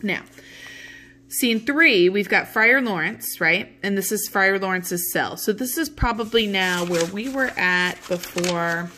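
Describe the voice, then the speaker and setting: A woman's voice: mid-range voice, a little slow, sharp tone, slight background noise. A woman teacher giving a casual lesson recap, chatty, with many okays and you knows. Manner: chatty, fillers like okay and you know.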